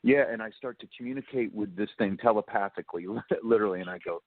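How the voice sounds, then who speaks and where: Low-voiced guy telling a story on a phone line, acts out the quotes, laughs a lot, tinny and dry. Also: a little fast, a little hiss or hum. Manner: chatty, animated storyteller who acts out quotes and laughs often. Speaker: radio show guest. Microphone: telephone.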